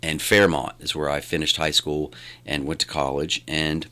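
A middle-aged man with an extremely low voice speaks at a normal pace as a guest in a conversational interview. Born in Louisiana and raised in West Virginia, he has a West Virginia accent and works as a filmmaker and radio announcer. He rambles animatedly and restarts often.

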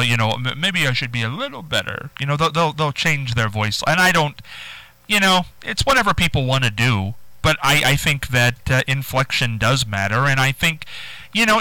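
A man's voice: mid-range voice, sharp tone, clear, resonant tone, no echo, poor audio. A man hosting a call-in radio show, chatting in a rambling, emphatic way. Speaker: radio host.

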